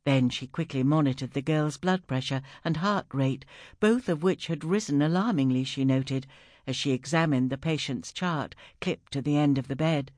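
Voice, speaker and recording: An audiobook narrator reading a story in a steady, even storytelling manner. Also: medium pitch, normal speed, no echo, studio quality.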